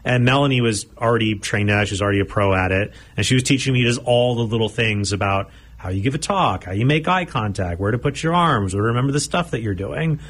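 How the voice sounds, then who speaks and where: A male guest tells his story in an earnest, reflective way during casual conversation. His voice is husky and somewhat breathy. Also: medium pitch, lively intonation, fast talker, fairly bright tone. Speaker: guest speaker. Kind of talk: casual chat.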